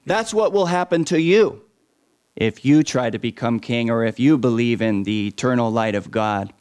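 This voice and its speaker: A man voicing gruff, boastful soldiers in a storybook retelling, low and menacing. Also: normal speed, a little mellow, close to an everyday voice.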